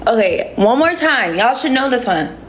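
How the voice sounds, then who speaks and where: A woman's voice: fairly high pitch, very animated, moderate pace, slight background noise. A woman chatting casually to viewers on a phone livestream, rambling along and laughing often.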